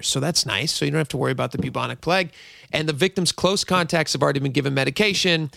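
A man's voice: on the high side, fast talker, vocal fry, sharp tone, dry recording, clean studio sound. A middle-aged man hosting a radio show, telling a long rambling story with many asides. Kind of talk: casual talk radio monologue.

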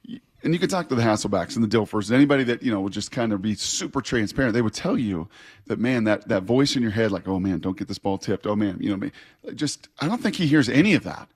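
A man's voice: mid-range voice, lively intonation, quick pace, husky, no echo. A man in his forties, a former player co-hosting sports talk radio, telling stories in a rambling way with many restarts. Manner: rambling, self-interrupting, storytelling with restarts.

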